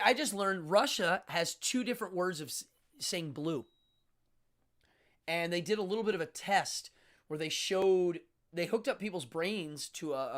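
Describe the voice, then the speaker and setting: Male host, magician type; theatrical, lively pitch, loose livestream chat. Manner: dramatic and animated, stumbling restarts. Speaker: magician and occultist hosting a live show. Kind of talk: casual livestream monologue.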